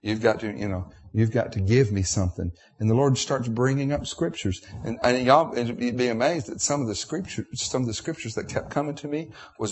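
Middle-aged man, husky voice, emotional sermon, repeats himself. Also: medium pitch, fairly quick, few pauses. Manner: emotional, preacherly, repetitive with restarts. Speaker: preacher.

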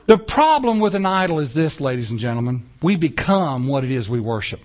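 A man preaching a sermon in church, animated, with casual asides and rhetorical questions to the congregation. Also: mid-range voice, a little fast. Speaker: pastor. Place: church sanctuary.

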